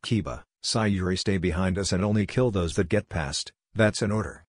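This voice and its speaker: A man's voice: low-pitched, normal speed, husky, no echo, clean studio sound. A man reading as a firm ninja teacher. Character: steady male ninja teacher in command.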